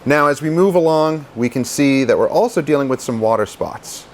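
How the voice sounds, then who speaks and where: Male detailer, mid-pitched, chatty and explanatory, teaching hands-on beside a car with light noise behind. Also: expressive, moderate pace. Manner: explanatory, chatty, self-joking. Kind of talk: casual how-to instruction.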